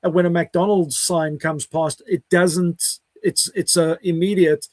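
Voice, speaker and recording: A man's voice: on the high side, fairly even intonation, a little slow, few pauses, a little mellow, dry recording. A man hosting a casual panel talk, speaking in an earnest, reflective way. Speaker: host.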